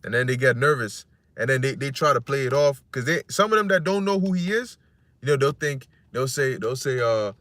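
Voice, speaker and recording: A man's voice: mid-range voice, expressive, a little fast, fairly bright tone, no echo. A man preaching casually on scripture, rambling and conversational, acting out voices he quotes and cursing freely.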